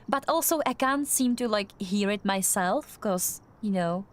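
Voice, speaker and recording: A woman's voice: medium pitch, expressive, measured pace, slight background noise. A young woman streamer with a non-native English accent, chatting through a game with many fillers and restarts. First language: not English. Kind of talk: casual gameplay commentary.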